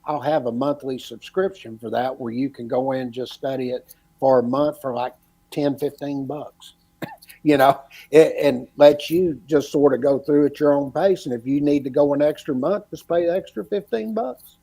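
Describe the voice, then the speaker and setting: Husky-voiced man chatting on a podcast. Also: mid-range voice, moderate pace, warm tone. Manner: rambling storyteller with frequent restarts. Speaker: podcast host and electrical educator. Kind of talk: casual podcast chat.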